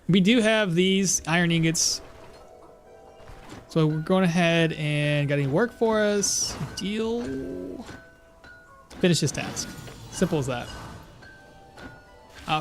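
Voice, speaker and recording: Brief: high-voiced man streaming a game, chatty and self-mocking, soft music behind. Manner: chatty, rambling, laughs at himself. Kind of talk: casual gameplay commentary.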